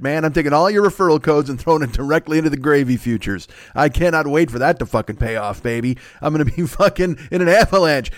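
A man's voice: fairly high pitch, no echo, studio quality. A man in his forties hosting a solo podcast, rambling through profane, self-mocking comic riffs. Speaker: podcast host. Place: at home.

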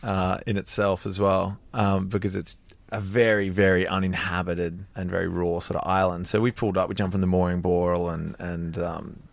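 Deep gravelly young man, laid back. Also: normal speed, few pauses, dry recording. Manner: relaxed, stumbles and adds details. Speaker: podcast co-host. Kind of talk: casual storytelling chat.

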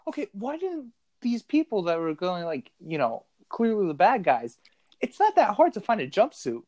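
Chatty podcast host, mid-pitched voice, dry sound, quick questions. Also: big pitch swings, darkish tone, no room sound. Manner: chatty, questioning, laughs often. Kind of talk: casual chat.

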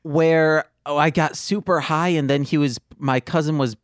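A man podcast co-host telling a story in casual chat, slow and jokey. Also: fairly high pitch, steady tone, no echo, studio quality.

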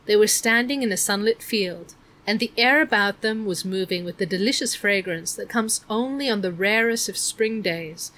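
Casting note: woman audiobook narrator, mid pitch, measured expressive reading. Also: slight background noise.

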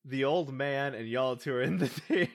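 Gravelly, laughing woman game master. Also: very deep voice, moderate pace. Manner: laughing, playful. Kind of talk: running a tabletop game with friends.

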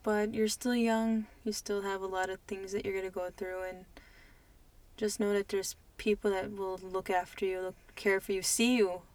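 A woman co-hosting a podcast, talking in a soft, emotional way, repeating words as she gives advice to her younger self. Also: mid-range voice, level tone, normal speed. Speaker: podcast co-host. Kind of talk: heartfelt podcast chat.

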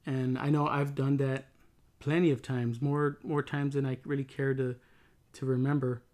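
A man's voice: medium pitch, level tone, moderate pace, a little mellow. A middle-aged man talking casually and reflectively about relationships, rambling with many restarts. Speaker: co-host talking with his wife.

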